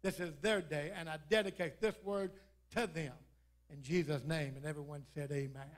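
A pastor with a noticeably high voice delivers a church sermon. He shifts from scripture reading into folksy, humorous storytelling, leaning on a preacher's rhythmic cadence. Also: steady tone, moderate pace. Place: church sanctuary.

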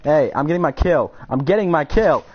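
Man, higher voice with lots of swing, excitable and argumentative while gaming. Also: a little fast, slightly rough. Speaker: gamer on a live broadcast. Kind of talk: casual chat while gaming. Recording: muffled lo-fi audio.

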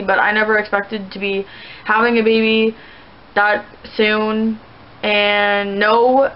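Young woman, slightly high voice, casual rambling vlog chat, muffled recording. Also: a little hiss or hum. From Canada. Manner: rambling, chatty, many "like" fillers. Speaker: vlogger answering viewer questions.

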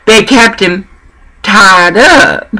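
A man's voice: sits high, drawn-out words, pushed and bright, rough recording. A man from Texas, talking in a preachy, meandering monologue. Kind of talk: rambling monologue.

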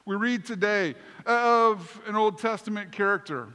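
A man preaching a sermon as pastor, telling a story in an animated, self-deprecating way. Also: high voice, measured pace, clear, resonant tone. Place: church sanctuary. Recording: long church reverb.

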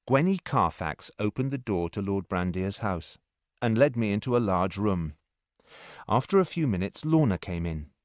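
A man narrating a story in a slow, clear reading voice. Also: lowish voice, lively intonation, no room sound, studio quality. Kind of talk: scripted narration.

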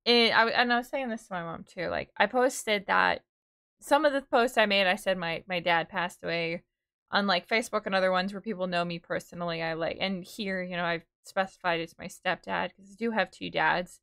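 A woman's voice: on the low side, fairly even intonation, moderate pace, creaky, bright, forceful tone, clear, resonant tone. A woman in her twenties, chatting casually with her viewers on a live stream. She rambles as she talks, with lots of "like" and "dude".

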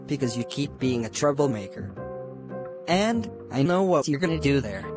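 A man's voice: medium pitch, big pitch swings, normal speed, music in the background, lightly acted. A man voicing Blue Dinosaur, a strict father dinosaur who scolds and lays down rules. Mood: stern. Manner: stern, scolding.

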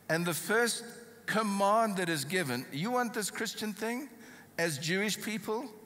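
A South African man preaches and reads scripture to a congregation, leaning hard on key words. His voice is bright and a little high. The sound carries a long church-hall echo. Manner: emphatic preaching, reads scripture aloud with rising stress. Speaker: pastor. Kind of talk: sermon.

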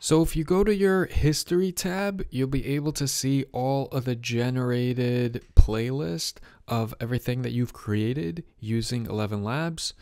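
Man casually walking through a software tutorial. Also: mid-range voice, unhurried, hardly any pauses, smooth, no room sound, clean studio sound. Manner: relaxed, chatty step-by-step explaining. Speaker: tutorial host.

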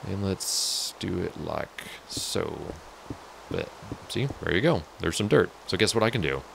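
A man's voice: low-pitched, expressive, unhurried, gravelly, slight background noise. A man casually talking through his game build, chatty and joking with viewers. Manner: chatty, jokey, talks to viewers. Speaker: let's play host. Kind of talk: casual gameplay commentary.

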